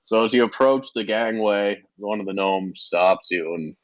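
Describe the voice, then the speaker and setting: A man's voice: on the low side, a little slow, hardly any pauses, no room sound, highs cut off. A man running a tabletop game as game master, narrating with many fillers and restarts.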